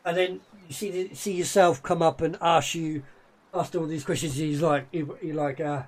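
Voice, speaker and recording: A man running a tabletop game as game master, describing scenes haltingly with many fillers. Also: a little high, steady tone.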